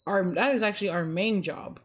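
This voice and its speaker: Woman dispatcher interviewing a recruit, chatty and casual, slangy, mid pitch. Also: a little fast. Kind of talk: role-play interview.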